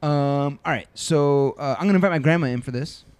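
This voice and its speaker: A male podcast host chats casually with his guests. He talks quickly and keeps the mood joking. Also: fairly high pitch, darkish tone, clear, resonant tone.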